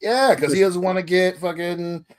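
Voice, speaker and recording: A man's voice: high voice, normal speed. Rambling man chatting on a podcast. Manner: rambling, swears casually. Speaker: podcast co-host. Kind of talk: casual chat.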